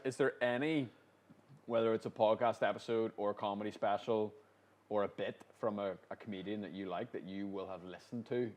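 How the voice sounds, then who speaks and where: A man with a Northern Irish accent hosting a podcast in a local pub, eager and quick to agree and laugh along. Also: lowish voice. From Northern Ireland. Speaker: podcast host. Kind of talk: casual pub conversation.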